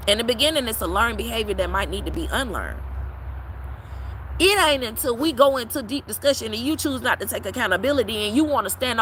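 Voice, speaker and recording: A brash woman lectures her followers in a blunt live-stream chat, cursing freely. Her fairly high, bright voice swings widely in pitch and jumps to loud peaks. A faint hiss of noise sits under the recording. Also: poor audio. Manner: brash, profane, preachy, with sudden loud peaks. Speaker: tarot reader and teacher.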